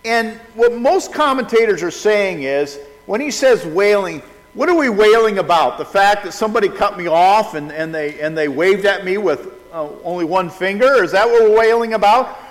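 A middle-aged man preaching a sermon in a relaxed, conversational way, often restarting his sentences. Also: high voice, normal speed, big-room sound, low-quality recording. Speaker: pastor.

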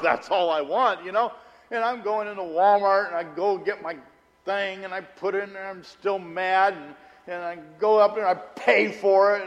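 A middle-aged man preaching a sermon as pastor, telling personal stories conversationally and dropping low and intense for emphasis. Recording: long hall reverb.

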